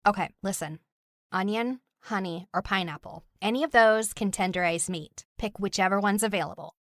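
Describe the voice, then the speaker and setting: A woman voicing a cheeky, food-obsessed teenage schoolgirl in an animated story. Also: mid-range voice, moderate pace, dry recording, clean studio sound, close to an everyday voice. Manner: cheeky, dramatic.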